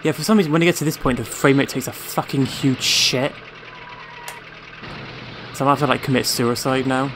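A man's voice: mid-range voice, a little fast, pauses often, noisy background. A man giving casual gameplay commentary, sarcastic, swearing freely and talking back to the game. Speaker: let's play gamer.

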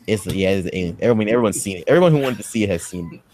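Guy podcast host rambling and cussing, does squeaky voices for quotes. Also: lively intonation, very fast, a little mellow, a little hiss or hum. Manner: profane, rambling storyteller who acts out quotes in a high voice. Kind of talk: casual chat, movie recap.

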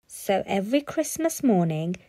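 A woman reading a children's storybook aloud in an expressive, playful way. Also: mid-range voice, moderate pace.

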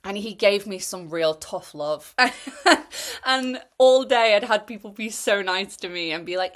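A young woman with a lowish, slightly bright voice tells a rambling, chatty story about running an ultra race, at a measured pace. It's a casual spoken recap from a runner reviewing the race.

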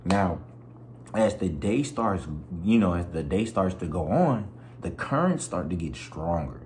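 A young man vlogging, telling a story in a slangy, expressive way and acting out other people's voices and sounds. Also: sits low, measured pace, slight background noise. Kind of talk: animated storytelling.

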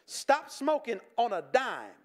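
A pastor preaching a sermon in a conversational way, with stammered restarts and quick chuckles. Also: male voice, very high-pitched, huge pitch swings.

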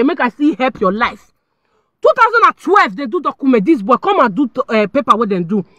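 Animated Nigerian woman telling a story. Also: high voice, dry recording. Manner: dramatic, emphatic, addresses viewers directly. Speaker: vlogger.

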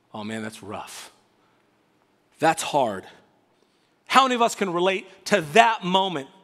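A male pastor preaches with animated, emphatic delivery, leaning on dramatic pauses. His voice sits high and swings widely in pitch. A long reverb from the church hall trails each phrase. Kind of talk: sermon. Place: church sanctuary.

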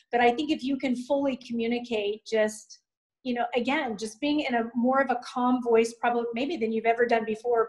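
A middle-aged woman talks on a faith-based panel with an earnest, encouraging manner. Her voice sits a little on the high side. She often plays out the words people could say to one another. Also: a little mellow, rough recording. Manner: earnest, encouraging, quick with asides. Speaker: youth ministry guest mom.

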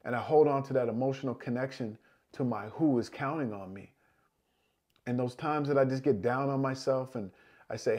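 A man's voice: medium pitch, darkish tone. A man coaching viewers in a motivational talk, earnest and encouraging, repeating key phrases. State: emotional at times. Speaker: life coach.

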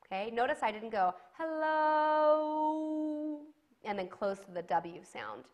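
A woman's voice: mid-range voice, animated, a little fast, lo-fi sound. A woman teaching a singing lesson to camera, giving encouraging instructions and demonstrating sung vowels between them.

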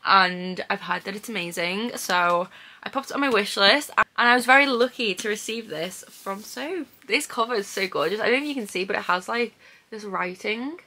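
A young woman vlogging casually about books, gushing and excitable, with lots of "like" and "oh my god". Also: medium pitch, moderate pace. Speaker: book vlogger. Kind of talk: casual vlog chat.

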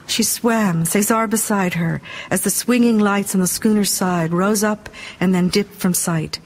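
A woman narrating an audiobook in a measured, dramatic reading style. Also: medium pitch, a little mellow, slight background noise.

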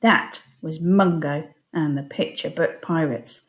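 In a lively-pitched, slow storytelling voice, a woman teacher at a primary school reads a children's picture book aloud with plenty of expression.

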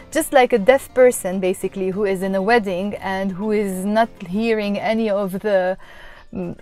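A Lebanese woman with a Lebanese accent, teaching a casual vlog lesson and breaking phrases down slowly from a car. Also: a little high, a little mellow. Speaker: Arabic language teacher. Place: in a car on a road trip.

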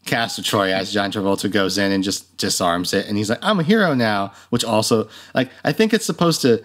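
Casting note: young male podcast co-host, lower-pitched voice, animated, swears, jumps into squeaky impressions of film lines. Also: brisk. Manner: animated, swears often, acts out quotes in high voices. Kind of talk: casual chat.

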